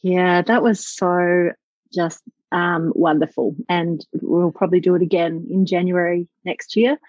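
A woman's voice: fairly low pitch, little pitch movement, measured pace, darkish tone, no echo. A woman, a business owner talking reflectively and with enthusiasm in a conversational interview, with many fillers. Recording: slightly dull lo-fi audio.

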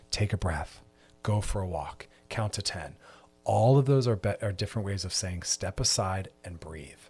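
Husky-voiced man hosting a podcast. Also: fairly low pitch. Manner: passionate, preachy, emphatic repetition. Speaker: podcast host. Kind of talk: monologue on mental health.

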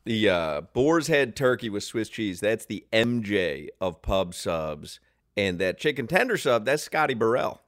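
A man with a lowish voice co-hosts a radio show, joking between live ad reads. The sound is close and dry, straight off a studio mic. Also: very animated, a little slow, a bit bright, dry recording. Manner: joking, laughs often, reads sponsor copy.

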